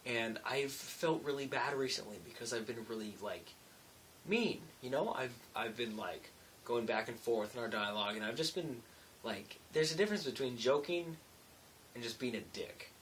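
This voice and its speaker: A man's voice: mid-range voice, moderate pace, a bit bright, far from the mic, a little hiss or hum. A tired young man rambling through a casual late-night vlog, self-mocking and full of restarts. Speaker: vlogger.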